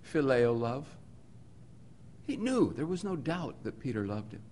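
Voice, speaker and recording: A man's voice: mid-range voice, sing-song, unhurried, slight background noise. Earnest man preaching a sermon. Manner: earnest, rhetorical repetition, swings between soft and emphatic.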